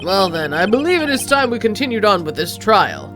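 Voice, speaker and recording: A woman's voice: mid-range voice, very animated, fairly quick, lightly acted. A woman voicing a fussy elderly male judge who talks formally and stammers a little, with faint game music behind. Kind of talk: reading game dialogue aloud.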